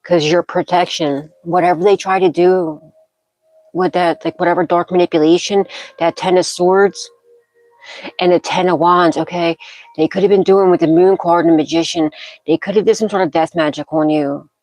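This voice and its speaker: A woman with a low-leaning, slightly mellow voice reads tarot at a moderate pace with fairly even intonation; the recording is dry and the audio poor. She rambles from card to card, making dramatic intuitive pronouncements and checking in with "okay?"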